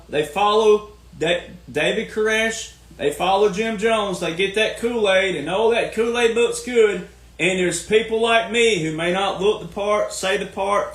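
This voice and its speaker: A man delivering a folksy, preachy political rant, repeating his points. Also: on the high side. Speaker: commentary host. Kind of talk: ranting political monologue. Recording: roomy echo.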